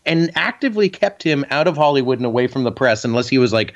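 Talking at a quick pace with a medium-pitched voice, a male podcast co-host trades crude comic stories, animatedly jumping into voices for whoever he's quoting. The podcast audio is muffled and lo-fi.

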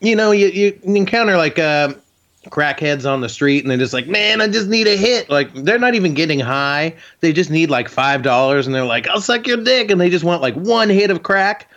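Male podcast co-host, animated raunchy storyteller, slightly high voice, dull lo-fi recording. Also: moderate pace. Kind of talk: crude comedic banter. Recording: muffled lo-fi podcast audio.

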